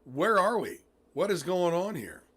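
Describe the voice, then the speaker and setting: A man hosting a casual interview, talking emphatically and excitably and laughing often. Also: high voice, unhurried. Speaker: host.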